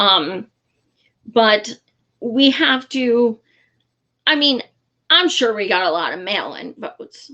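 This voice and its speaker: Blunt, frustrated woman vlogging, slow-paced. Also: fairly high pitch, animated, bright, forceful tone, highs cut off. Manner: frustrated, blunt, swears freely, many fillers. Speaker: political commentator. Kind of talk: casual vlog commentary.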